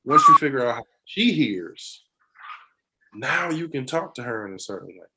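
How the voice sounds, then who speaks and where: Animated, laughing man telling stories. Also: mid-range voice, moderate pace, very noisy. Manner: animated storyteller who laughs often and acts out quotes. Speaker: podcast guest, barber. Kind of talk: casual podcast conversation.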